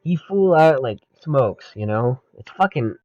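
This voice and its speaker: A podcast co-host chats loosely and profanely about a comedy film, quoting its lines in mock voices for a casual movie review. His mid-range voice is expressive at a measured pace, with no room sound and dull audio.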